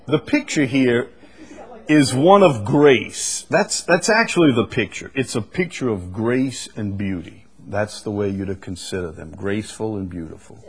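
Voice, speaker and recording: A male pastor preaching a sermon, slow and drawn out, with bursts of emphasis. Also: medium pitch, slightly rough.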